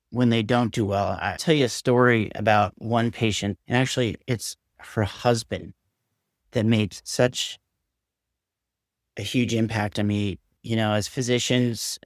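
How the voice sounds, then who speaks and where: A man, a surgeon, telling a candid story from his career in an earnest, measured way during a podcast interview. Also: lowish voice, no room sound, clean studio sound. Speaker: surgeon guest.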